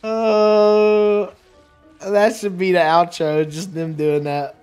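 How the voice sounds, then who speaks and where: A man rambles through casual let's play commentary, chatty and quick to laugh, now and then tripping over his words. His voice sits a bit higher than most men's. Soft game music plays underneath. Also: level tone, smooth. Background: faint game music.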